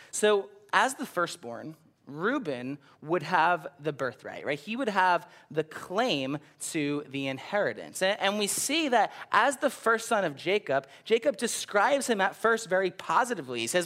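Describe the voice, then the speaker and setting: Young man, pastor, conversational sermon, slightly high voice, stammers and repeats words, animated. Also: normal speed. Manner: animated, conversational preaching with frequent "right?" asides.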